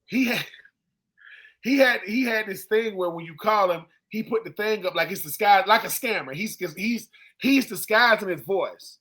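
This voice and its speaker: A former football player in his forties co-hosts a sports podcast, speaking in a high-pitched voice at a moderate pace. He tells stories casually and animatedly, acting out the people he quotes.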